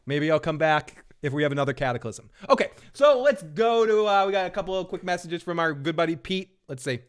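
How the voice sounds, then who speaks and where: A man's voice: a little high, animated, brisk, clean tone. A man hosting a casual live recap show from home, rambling and joking with frequent chuckles. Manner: jokey, rambling, chuckles often. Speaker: host.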